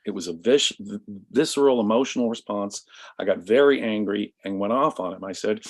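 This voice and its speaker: A man in a casual discussion, telling a story in an emphatic, animated way. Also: on the low side, fairly quick. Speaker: guest commentator.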